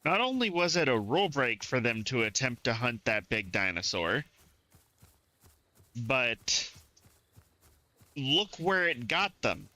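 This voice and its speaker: A man's voice: mid-range voice, very animated, takes it slowly, pauses often, bright, forceful tone, dry recording. A man from the southern United States chatting and reacting aloud as he streams live gameplay, keeping a mostly neutral way of speaking.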